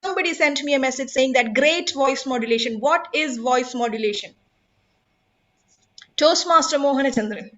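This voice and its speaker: A woman's voice: high-pitched, moderate pace, fairly bright tone, muffled recording. A woman, teaching public speaking in an emphatic, instructive way and putting questions to her audience. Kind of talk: online workshop talk.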